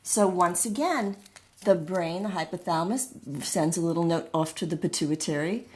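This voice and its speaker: A woman's voice: on the low side, moderate pace, darkish tone. A middle-aged woman, a wellness educator, explains in a chatty lecture full of homely analogies and acts out small voices along the way.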